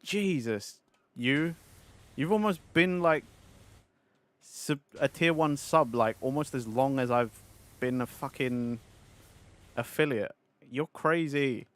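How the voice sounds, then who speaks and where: A man's voice: mid-range voice, takes it slowly, pauses often, a bit bright. A man streaming a game, chatting casually with viewers, giggling often and swearing freely. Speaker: livestreamer. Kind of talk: casual gaming stream chat.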